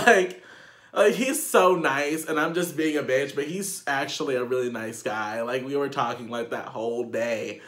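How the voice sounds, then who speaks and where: A young man telling a casual storytime on his vlog, animated and profane, laughing as he goes. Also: medium pitch, a little slow. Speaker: vlogger. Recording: echoey room.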